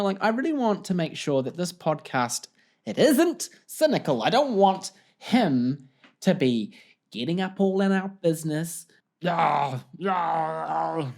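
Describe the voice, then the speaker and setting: A man's voice: high-pitched, darkish tone. A man hosting a casual solo podcast, rambling and self-deprecating, talking into a desk mic at home. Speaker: podcast host. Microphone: desk mic, wearing headphones.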